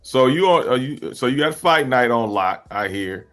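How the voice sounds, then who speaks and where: A man hosting a radio show, asking questions and reading a smooth segment outro. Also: mid-range voice, animated, normal speed, a bit bright, soft background music. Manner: brief affirming interjections, smooth outro. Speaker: radio host. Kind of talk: radio interview.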